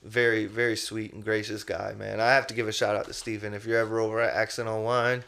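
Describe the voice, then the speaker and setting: A man's voice: on the low side, flat delivery, fast talker, vocal fry, a bit bright. Man hosting a laid-back podcast. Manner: loose storytelling, peppered with "you know what I mean" and "man". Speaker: podcast host. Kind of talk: casual interview chat.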